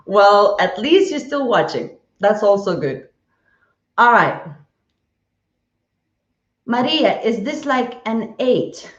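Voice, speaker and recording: A woman teaching a live online dance class, counting steps in a rhythmic, chatty way while dancing and sweating. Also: a little high. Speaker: dance instructor. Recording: roomy, distant, dull live stream.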